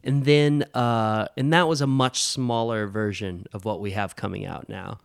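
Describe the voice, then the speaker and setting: A man speaking as a podcast guest, relaxed and thinking aloud as he talks. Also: on the low side, normal speed, gravelly, clean tone, no room sound. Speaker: guest comics writer. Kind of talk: casual interview talk.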